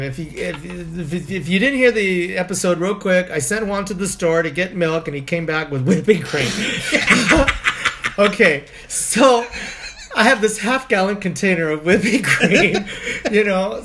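A woman's voice: mid-range voice, animated, moderate pace, background noise. A woman co-hosting a podcast, telling a rambling story with frequent laughter and salty slang. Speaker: podcast co-host. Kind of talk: casual storytelling chat.

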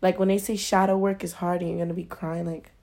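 Young woman, gravelly voice, casual chat, kinda hesitant, lots of fillers. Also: fairly low pitch, flat delivery, a little mellow. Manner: hesitant, halting, many fillers.

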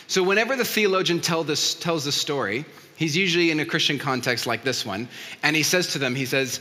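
A man's voice: a little high, fairly quick, pushed and bright. A man giving a sermon in a conversational storytelling way, praying and acting out quotes in his story. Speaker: pastor. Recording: long reverb of a hall.

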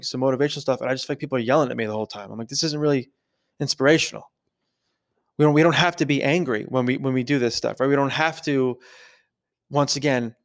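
Man, podcast host, slightly high voice, casual reflective talk, frequent "right?". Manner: conversational, keeps asking "right?".

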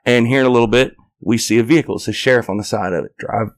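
A man's voice: medium pitch, fast. A man from Arkansas, telling a story in casual podcast chat and putting on voices for the people in it. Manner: drawling anecdote-teller, acts out quotes in raised voices.

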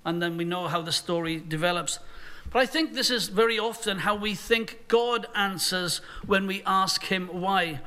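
A man's voice: high voice, pushed and bright. A male pastor delivering a sermon in an earnest manner, sometimes acting out imagined voices.

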